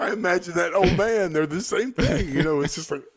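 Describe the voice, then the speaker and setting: A man's voice: sits high, a little fast. A man co-hosting a book podcast, chatting casually and wandering off into apologetic digressions. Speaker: podcast co-host. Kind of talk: casual chat.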